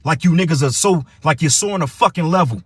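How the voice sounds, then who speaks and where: A man's voice: fairly high pitch, fast talker, breathy edge. A man teaching for a religious camp, giving a heated, profane preaching rant that reads and explains scripture.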